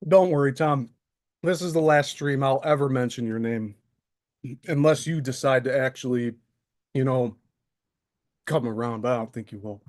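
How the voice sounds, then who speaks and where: A man's voice: medium pitch, big pitch swings, a little slow. A man hosting a live stream, airing his grievances in a sarcastic, aggrieved rant. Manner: aggrieved, sarcastic, mocking impressions.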